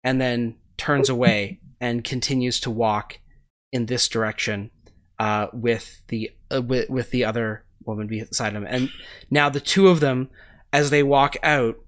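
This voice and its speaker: Game master narrating, measured and descriptive. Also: male voice, mid-range voice, steady tone, fairly bright tone.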